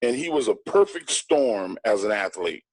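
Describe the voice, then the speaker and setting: A man's voice: lowish voice, very animated, moderate pace, dry recording. A middle-aged man, a guest in an interview, telling a story in an emphatic, blunt and boastful way.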